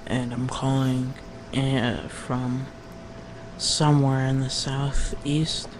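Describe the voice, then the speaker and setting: A man voicing a halting, hesitant caller leaving a voicemail. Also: mid-range voice, level tone, close to an everyday voice. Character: slow mumbling caller next to a loud fan. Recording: voicemail with loud fan noise.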